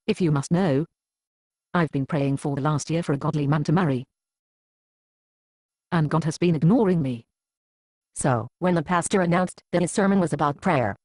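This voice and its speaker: A woman's voice: deep voice, moderate pace, long pauses, mellow, dry recording, studio quality. A woman acting as an upset single woman who answers defensively and evasively in an amateur Bible drama.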